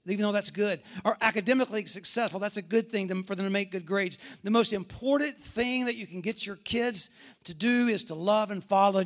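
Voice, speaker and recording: A man's voice: high-pitched, a bit bright. A middle-aged man, a pastor, preaching a sermon and telling stories with emphatic repetition.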